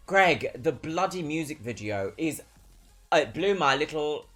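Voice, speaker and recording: A woman's voice: low voice, expressive, measured pace, a bit bright, faint music behind. A British woman streaming, chatting casually with a giggly, rambling, self-mocking manner. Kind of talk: casual chat.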